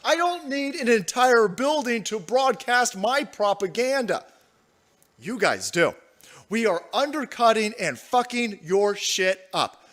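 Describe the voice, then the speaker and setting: This is a man with a notably high voice hosting his own live commentary stream. He is furious and profane, firing combative jabs and repeating lines for effect. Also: animated, slow, a bit bright. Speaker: livestream political commentator.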